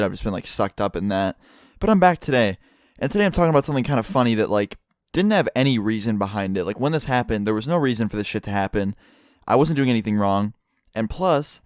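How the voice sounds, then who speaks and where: A young man casually telling a story to his channel, full of swearing and animated retelling. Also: medium pitch, clear, resonant tone, no room sound, studio quality. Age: young adult.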